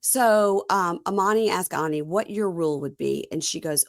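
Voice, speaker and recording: A woman hosting a casual chat, with a fairly low voice. She recaps scenes by quoting the people in them, wry and exasperated. The sound is dry and close. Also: normal speed, hardly any pauses, no room sound. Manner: retells scenes with quoted dialogue, wry and exasperated. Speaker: podcast host.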